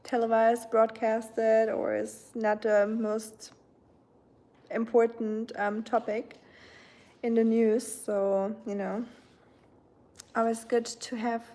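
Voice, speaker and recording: Woman in her thirties, livestream host, casual rambling chat, mellow higher voice. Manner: chatty, rambling, with frequent fillers. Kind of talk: casual chat reading viewer comments.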